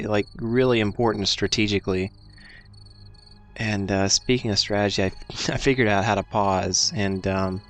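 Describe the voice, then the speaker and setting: A man talks slowly through his gameplay, casual and self-deprecating, thinking aloud as he goes. His voice sits a little low, and faint game music plays behind him. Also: a bit bright. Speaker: let's play host.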